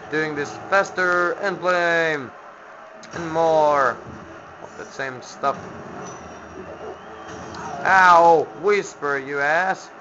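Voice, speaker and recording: A man from Finland commentating a video game he plays, grumbling, sarcastic and swearing at the enemies. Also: on the high side. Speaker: gameplay commentator. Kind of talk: let's play commentary. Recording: lo-fi home mic with background noise.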